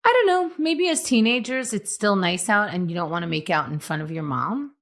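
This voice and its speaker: A woman co-hosting a podcast in casual chat, playful and animated, acting out quotes. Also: medium pitch, fairly quick. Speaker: podcast co-host.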